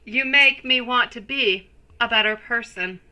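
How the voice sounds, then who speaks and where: A woman hosting a live tarot reading stream, speaking slowly and affectionately to her viewers. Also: a little high, bright, forceful tone, slight background noise, low-quality recording. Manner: slow, soothing, affectionate toward viewers.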